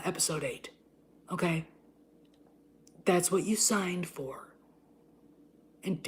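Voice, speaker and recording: A woman host ranting in casual commentary, profane and emphatic, often dropping into a harsh whisper before surging back loud. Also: lowish voice. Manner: profane, emphatic, repeats itself; drops to an unvoiced whisper and back.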